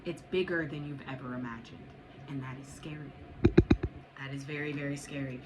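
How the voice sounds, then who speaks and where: Over a noisy background, a tarot reader with a very deep, steady voice talks fairly quickly. She is blunt and profane in her spiritual reading for viewers, pressing her points and saying them again.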